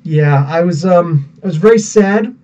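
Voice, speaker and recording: Here a podcast host rambles casually on a live show, calling out viewers by name as he greets them. He speaks a bit slowly in a high-sitting, slightly mellow voice, captured with dull sound from a mic set somewhat far away.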